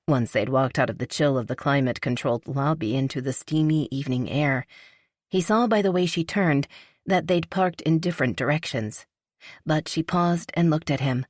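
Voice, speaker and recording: Low-voiced woman narrating a romance. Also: a little fast, dry recording, clean studio sound. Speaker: audiobook narrator. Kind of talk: scripted narration.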